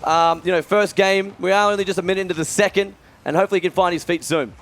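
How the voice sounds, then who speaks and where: A young man casting a live esports match, excitable and loose, full of fillers and exclamations. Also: high-pitched, fast talker. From Australia. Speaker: esports caster.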